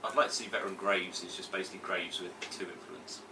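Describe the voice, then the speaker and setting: A man's voice: sits low, steady tone, quick pace. A man playing a tabletop game, musing dryly in casual chat. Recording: distant mic in an echoey, noisy room.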